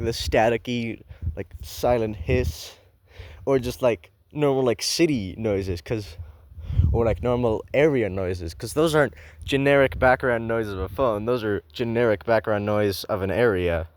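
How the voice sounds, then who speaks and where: A man's voice: medium pitch, normal speed, no room sound. Sarcastic man reading aloud, dry close mic. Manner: sarcastic, profane, rambling asides. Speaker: channel host reading a horror story. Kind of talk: blind reading with comedic commentary.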